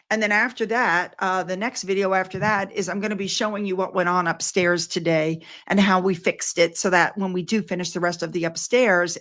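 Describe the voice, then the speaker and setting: A woman's voice: on the low side, fairly bright tone. An older woman chatting casually to her viewers in a rambling, effusive way. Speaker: vlogger.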